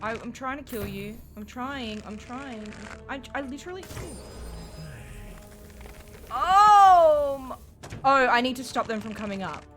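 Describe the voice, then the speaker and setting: A young woman streaming a game and reacting out loud, jumpy and profane, shrieking and laughing at scares. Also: fairly high pitch, moderate pace, soft background music. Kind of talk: live let's-play commentary.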